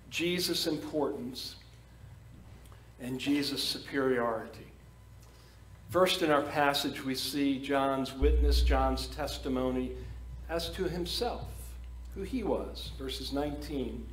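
A man preaching a sermon as pastor, reading scripture and stressing points emphatically. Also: medium pitch. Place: church sanctuary. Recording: echoey church room.

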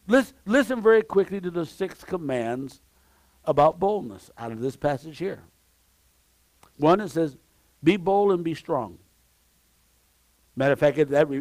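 A male pastor preaching with a somewhat high voice, recorded dry and close with little room sound. He swings from shouted lines to quiet asides and keeps repeating his key phrases and calls of praise. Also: animated, normal speed, pauses often, no room sound. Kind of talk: sermon. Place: church sanctuary.

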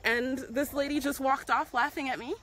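A South African woman speaks passionately and earnestly on a casual outdoor live stream in a public spot, full of ums and restarts. Her high-pitched voice is fairly even in intonation and normal in speed, and the recording is very noisy.

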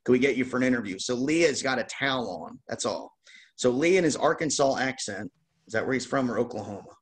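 A man hosting a card-opening show, telling a lively casual anecdote with laughs. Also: medium pitch, fast. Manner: animated, laughing anecdote teller. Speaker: host opening baseball card packs. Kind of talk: casual storytelling.

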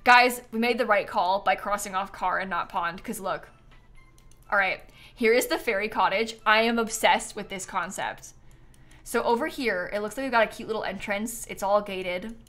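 A woman's voice: mid-range voice, moderate pace, fairly bright tone, soft background music. A woman chatting casually to viewers on a live game stream, bubbly and giggly, a bit tired and yawning.

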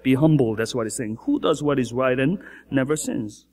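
A male pastor delivers a sermon in a slightly husky, fairly high voice that rises and falls with lively emphasis. He repeats key phrases and builds to emphatic peaks. The sound carries a long, echoing reverb, as in a large hall. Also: normal speed. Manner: emphatic preaching with repetition and rising emphasis.

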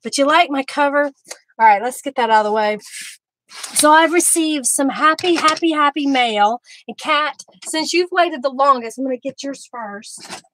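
A woman hosting a live craft stream, chatting warmly with viewers by name as she works. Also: high voice, moderate pace, a little hiss or hum. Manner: friendly, talks to viewers by name while working.

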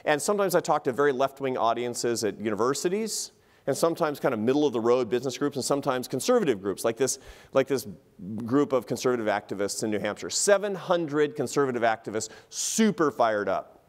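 A man giving a public lecture in a hall, telling stories in an animated, humorous way. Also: mid-range voice, a little fast.

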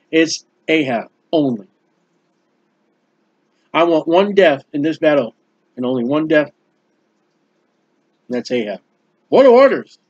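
A man preaching a Bible sermon, high-pitched and animated as he acts out the characters. The recording sounds dull and lo-fi. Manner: animated, acts out biblical characters, quotes scripture.

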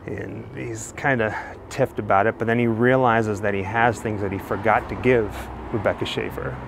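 A man hosting a true crime show, telling the story in a steady narrative style while walking outdoors on a residential street. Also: fairly low pitch, moderate pace, creaky, background noise. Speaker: true crime channel host.

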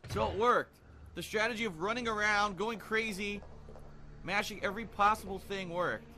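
A man's voice: sits high, steady tone, normal speed, sharp tone. A man muttering his way through a video game, frustrated and swearing often. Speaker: let's play gamer. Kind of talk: live gameplay commentary.

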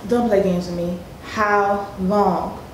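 A woman's voice: medium pitch, steady tone, slow, far from the mic, natural voice. A woman voicing a betrayed wife who confronts her husband in a sarcastic, relentless way. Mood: confronting. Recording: echoey room, faint noise.

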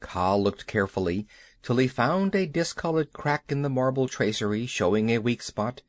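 A man narrating a children's audiobook in an expressive, unhurried storytelling manner. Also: medium pitch, dry recording.

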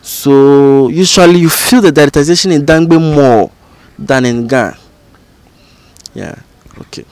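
A man teaching an informal lesson as a channel host, explaining slowly and repeating example phrases. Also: medium pitch, darkish tone, smooth, dry recording. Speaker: language educator and channel host.

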